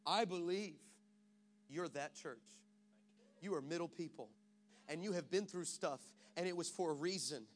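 A man's voice: a little high, moderate pace, long pauses. A pastor from Texas preaching a sermon, switching between self-mocking stories and a rising, emphatic preaching cadence.

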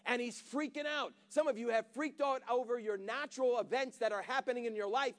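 A man preaching a sermon, retelling a Bible story in casual words and rising to shouted calls to the congregation. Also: very high voice, fairly quick.

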